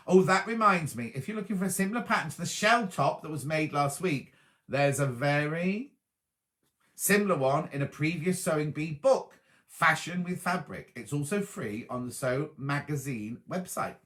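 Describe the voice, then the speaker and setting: A man's voice: on the high side, lively intonation, normal speed, a bit bright. A man hosting a casual live stream, chatting and reading viewer comments aloud and answering them. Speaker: host reading live chat.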